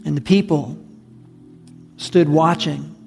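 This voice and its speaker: A man's voice: on the high side, slow pace, creaky, darkish tone, faint music behind. A man preaching a sermon as a pastor, conversational and emphatic, often repeating his points. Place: church sanctuary. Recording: long hall reverb.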